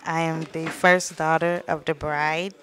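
A young woman, the bride's daughter, speaking softly and emotionally in a wedding interview. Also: low voice, flat delivery, a little hiss or hum. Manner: emotional, soft, halting.

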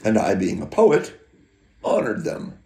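A man's voice: on the low side, huge pitch swings, unhurried, dark tone. A middle-aged man rambling in a casual monologue, profane and emotional, with muttered asides and wry laughs. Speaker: poet and vlogger.

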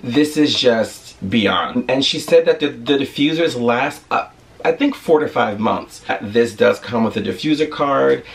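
A man with a gravelly, creaky voice of middling pitch, chatting through a haul video at home. He gushes and rambles with excitement. He sits a little back from the mic, and a faint hiss runs under his voice. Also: distant mic. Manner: enthusiastic, gushing, rambling. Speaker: vlogger. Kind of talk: casual haul vlog.

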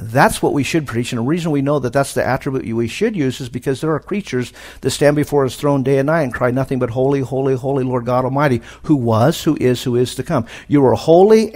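A middle-aged man preaching a sermon at a conference, animated, with sudden loud emphatic rises. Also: mid-range voice. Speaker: pastor. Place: conference hall.

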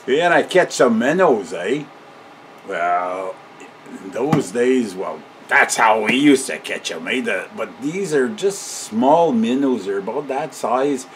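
A man's voice: on the low side, fairly bright tone, slight background noise. An older man telling a casual, rambling story, often chuckling and ending his sentences with a questioning "eh?".

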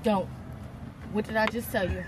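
A woman's voice: medium pitch, steady tone, moderate pace, noisy background. A woman in her twenties in a heated, defiant confrontation, profane and insistent, recorded on a phone inside a parked car. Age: 20s. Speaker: driver confronting police.

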